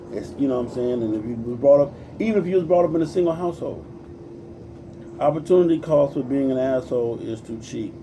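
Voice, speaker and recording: A man's voice: medium pitch, far from the mic, background noise. A man in his forties from Compton, California, ranting in a casual livestream, cursing freely and greeting viewers by name as he preaches. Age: 40s. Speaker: livestream host.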